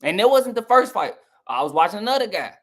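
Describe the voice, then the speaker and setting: A man's voice: sits high, sing-song, fast talker, a bit bright. A young southern man with a Southern American accent, arguing heatedly with his chat on a live stream and mocking their replies. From southern United States. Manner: argumentative, mocking, talks straight to chat.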